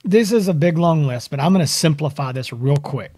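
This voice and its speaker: Male podcast co-host, slightly high voice, joking and animated, dry close studio sound. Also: brisk, no echo. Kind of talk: casual podcast chat.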